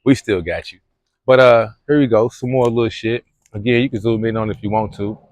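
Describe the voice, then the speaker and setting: A man's voice: mid-range voice, steady tone, a little fast, darkish tone, dry recording. Slangy, rambling young man from Kentucky. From Louisville, Kentucky. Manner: slangy, loose and rambling, lots of fillers. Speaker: vlogger. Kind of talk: casual vlog chat. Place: outdoors at a spring.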